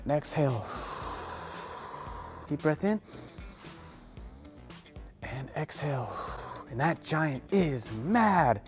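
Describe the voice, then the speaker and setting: A woman leading a children's yoga lesson through a story, animated and playful, gasping with excitement. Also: deep voice, slow, pauses often, faint music behind. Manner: animated, playful, lots of gasps. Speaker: kids' yoga teacher.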